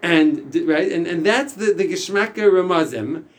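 Animated man teaching a Talmud class. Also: high voice, measured pace. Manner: animated, explanatory, frequent restarts and Yiddish-Hebrew terms. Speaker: Torah teacher. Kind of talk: lecture to a small class.

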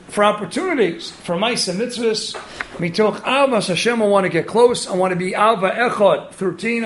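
A man with a strikingly high voice gives a Torah study lecture. His delivery is animated and urging, and he weaves Hebrew and Yiddish terms through his English. A faint noise sits under the recording. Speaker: Torah teacher.

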